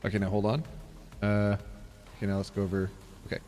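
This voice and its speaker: A man's voice: on the low side, completely flat delivery, quick pace, warm tone, faint music behind. A man from Canada playing a game on stream, reading its text aloud in a playful, joking way. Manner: playful, joking, laughs often. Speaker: gaming streamer.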